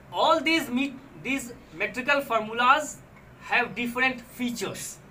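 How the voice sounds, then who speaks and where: High-voiced Indian English lecturer, bright. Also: male voice, distant mic, slight background noise. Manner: patient, explanatory, repeats and restates points. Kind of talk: recorded video lecture.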